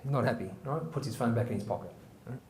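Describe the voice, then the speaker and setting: A male comedy show host telling a long joke as a rambling, animated storyteller who acts out the characters. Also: medium pitch, fast, slight background noise. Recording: roomy echo.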